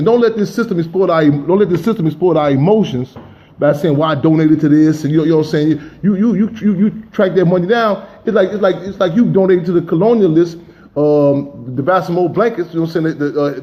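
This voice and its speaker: A man's voice: fairly high pitch, quick pace, mellow, dull audio. A man hosting a political talk radio show, speaking with passion and often saying "you know what I'm saying".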